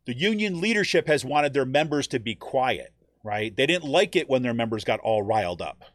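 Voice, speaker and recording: A man's voice: mid-range voice, dry recording, studio quality. A man, a teacher and union member, explaining things in a conversational way and often checking in with "right?". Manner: conversational, frequent "right?" check-ins, animated quoting. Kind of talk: explanatory talk.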